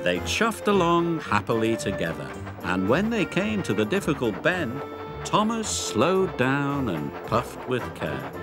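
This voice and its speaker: A man narrating a children's story in a gentle, measured, expressive way. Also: medium pitch. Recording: loud background music.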